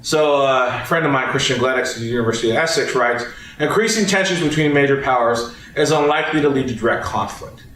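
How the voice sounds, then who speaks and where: A man gives a lecture with a wry and emphatic delivery. His voice sits at an ordinary middle pitch. It comes from far off the mic in a very echoey hall with faint noise behind. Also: quick pace, fairly bright tone. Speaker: guest lecturer. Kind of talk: academic lecture.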